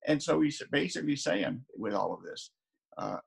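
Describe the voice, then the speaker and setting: Um homem, pastor, pregando um sermão em tom de conversa, repetindo palavras enquanto pensa. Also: male voice, a little high, big pitch swings, normal speed. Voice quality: gravelly, husky. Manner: conversational, repeats words while thinking. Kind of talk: sermon.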